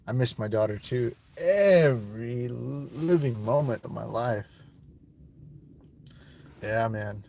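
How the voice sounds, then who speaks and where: Emotional male interviewee outdoors, halting and profane, near tears. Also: medium pitch, animated, gravelly, darkish tone, a little hiss or hum. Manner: halting, repeats words, heavy swearing.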